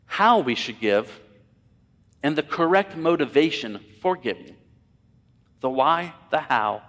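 A man's voice: fairly high pitch, fairly bright tone. A man preaching a sermon as pastor, talking conversationally and with emphasis, speaking directly to his congregation. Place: church sanctuary. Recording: long hall reverb.

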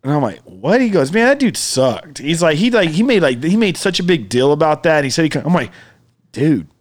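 A lively man spinning a casual story for his co-host, his voice leaping around as he acts out each line of dialogue. He sits a touch higher than most men, with a loose, profane delivery. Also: fast. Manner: animated storyteller, acts out quotes, swears freely. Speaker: podcast co-host.

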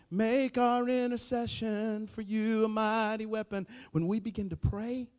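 High-voiced pastor in a church hall. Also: male voice. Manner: folksy, preachy, builds to shouting emphasis. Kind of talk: sermon. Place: church sanctuary.

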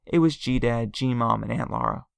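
A man reads a first-person story aloud in a calm, even way. His voice has a gravelly, fry-tinged texture at a middle pitch. The recording is dry and close to the mic. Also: a little slow, dry recording. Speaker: narrator.

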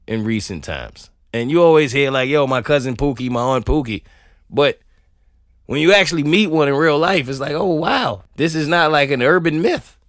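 A man's voice: medium pitch, fairly bright tone, dry recording, studio quality. A man hosting a podcast, ranting comedically, laughing often and swearing freely. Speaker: podcast host. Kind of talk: comedic rant.

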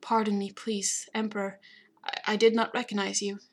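A woman's voice: mid-range voice, level tone, moderate pace, natural voice. A flustered, groveling male clerk, voiced by a woman reading aloud, stammering and raising his voice in alarm. The melody stays narrow. A storybook side character. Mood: panicked. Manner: loud, stammering apology.

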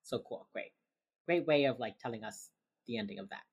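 A woman with a strikingly deep voice co-hosts a casual podcast. She retells a TV episode in a loose, chatty way, leaning on "like" and "you know". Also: brisk, breathy edge, highs cut off. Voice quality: very low-pitched, relaxed storytelling with lots of "like". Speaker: podcast co-host recapping a TV episode. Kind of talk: casual chat.

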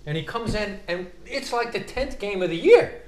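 A man with a somewhat high voice trades football memories on a podcast, swearing as he goes. His delivery swings widely in pitch. He sounds like he is in an echoey room. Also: normal speed. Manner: swears freely, reminisces with excited energy. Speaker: podcast co-host. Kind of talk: casual chat.

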